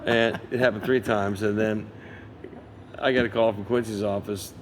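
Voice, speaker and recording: A man in his sixties, a session guitarist giving an interview, telling an anecdote with lively energy and acting out other people's lines. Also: fairly low pitch, normal speed, noisy background. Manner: lively raconteur who acts out others' lines. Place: museum interview set.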